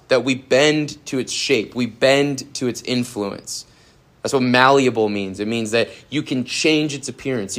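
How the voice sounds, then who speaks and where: A young adult man giving a youth sermon in a casual, animated way, with many fillers. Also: mid-range voice. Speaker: youth pastor.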